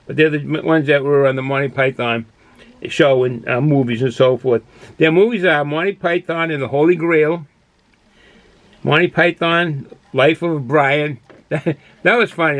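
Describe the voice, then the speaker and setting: A man's voice: on the high side, fairly bright tone, no room sound. Rambling older Boston man reviewing beer. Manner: rambling, folksy, full of fillers and restarts. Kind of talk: casual product review monologue. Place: cool home den he calls a man cave.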